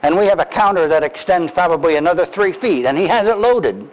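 An older man preaching a sermon, telling a story in an animated, deliberate way, heard on a dull lo-fi recording. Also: high voice. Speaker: pastor.

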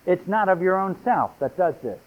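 A man's voice: sits high, lively intonation, moderate pace. A man preaching a sermon, reading scripture aloud with rising, emphatic delivery. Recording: tinny phone-like sound.

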